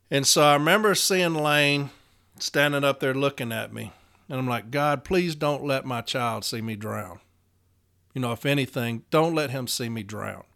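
A man from Nashville, retelling a personal story in an emotional, halting way with repeated words. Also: medium pitch, bright, forceful tone. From Nashville, Tennessee.

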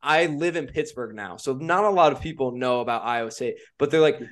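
A man's voice: mid-range voice, brisk. A man in casual chat who talks enthusiastically and stumbles over his words.

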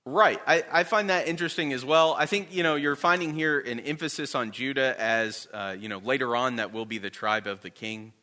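A man leads a Bible class in a relaxed, conversational style, stopping often to check in with his listeners. His voice is bright and forward, at an ordinary middle pitch for a man. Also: a little fast, few pauses.

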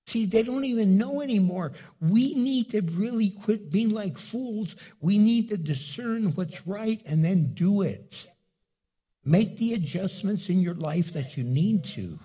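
A middle-aged man preaching a sermon as pastor, animated and acting out little dialogues. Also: sits high, a little slow, breathy edge. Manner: animated, acts out dialogue with the congregation.

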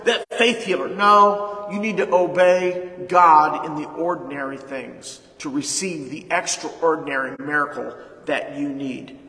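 Brief: male pastor, high bright voice, emphatic sermon with repeated refrains, echoey hall with long reverb. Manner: emphatic preaching with repeated lines and rhetorical questions.

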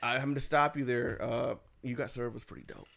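A man co-hosting a podcast, chatting casually in a crude, animated way and laughing often. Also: medium pitch, a little fast, creaky. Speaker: podcast co-host. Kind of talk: casual banter.

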